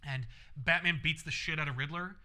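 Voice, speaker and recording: A man streaming, animatedly retelling a story in casual chat, fast and loose with swearing. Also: fairly high pitch, fairly even intonation, bright, forceful tone.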